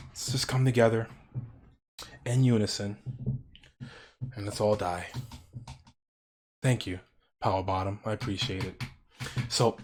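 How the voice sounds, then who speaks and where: A man streaming as he paints, in a quiet, gentle painting-show parody with deadpan dark jokes. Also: fairly low pitch, a little hiss or hum. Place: home streaming setup.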